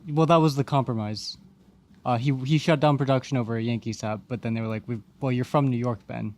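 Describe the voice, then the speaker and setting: A man's voice: medium pitch, steady tone, fast talker, darkish tone. Easygoing male podcast co-host. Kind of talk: casual sports podcast chat.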